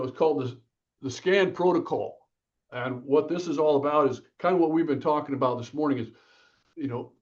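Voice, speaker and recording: This guest author has a slightly high voice and recounts stories with plenty of energy, performing the quotes as he goes. It's a casual interview, captured with dull audio.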